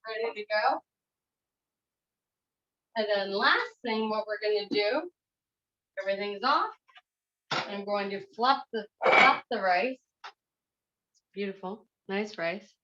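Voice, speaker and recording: A woman's voice: medium pitch, background noise. A woman executive chef giving a chatty, step-by-step cooking demonstration in a kitchen. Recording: roomy, slightly dull sound.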